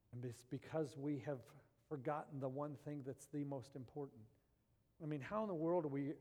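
A man preaching a sermon with passion, swinging between loud urgency and hushed intensity. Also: medium pitch, in a large hall.

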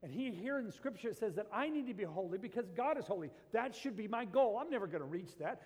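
A man preaching a sermon as pastor, swinging between loud emphasis and hushed asides. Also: high voice, animated, fast, few pauses, big-room sound.

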